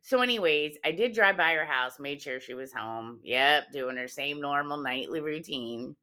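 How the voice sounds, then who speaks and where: A woman's voice: deep voice, moderate pace. A woman co-hosting a podcast, telling stories in casual chat and laughing through them. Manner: animated storyteller, laughs often mid-sentence. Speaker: podcast co-host.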